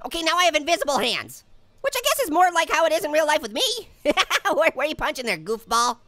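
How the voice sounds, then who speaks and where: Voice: sits high, sing-song, fast talker, bright, forceful tone, no room sound, heavily acted. A performer voicing a cheeky, hyper male cartoon orange who narrates a comedic VR boxing playthrough, taunting and cackling constantly. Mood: taunting glee. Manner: taunting, giggly, constant cackling laughs and wisecracks. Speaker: gameplay commentator.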